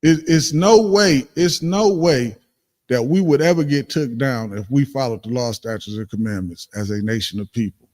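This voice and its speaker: A man with a Detroit accent telling stories and preaching in a casual, animated way during a livestreamed class, acting out what people said. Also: medium pitch, moderate pace, big-room sound. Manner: animated, acts out quoted exchanges, laughs often. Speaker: speaker in a livestreamed religious class.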